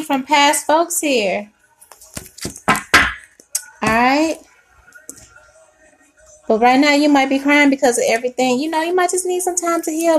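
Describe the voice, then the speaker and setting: High-pitched woman, tarot reader, casual and emotional, swears a lot. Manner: emotional, swearing, talks to the viewer as baby and sweetheart.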